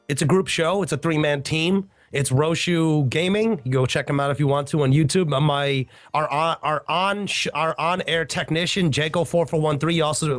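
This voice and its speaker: A high-voiced man chats on a podcast, telling stories in an animated way with big pitch swings. He throws in quick asides. Faint music plays underneath. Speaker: podcast host. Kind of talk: casual podcast chat.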